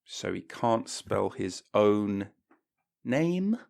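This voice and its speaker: A low-voiced man with a gravelly edge rants through a comedy podcast monologue. He puts on a mock-pompous tone and keeps lurching into squeaky silly voices and shouts. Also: big pitch swings, drawn-out words. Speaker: podcast host.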